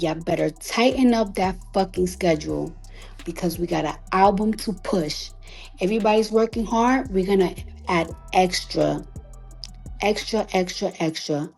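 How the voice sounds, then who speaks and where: A woman artist delivering an emotional, defiant monologue on a live audio chat, repeating herself for emphasis, swearing freely and sometimes dropping to a hushed whisper. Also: on the low side, vocal fry, soft background music. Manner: emphatic, defiant, repetitive, profane; slows to a hushed whisper at times. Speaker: recording artist.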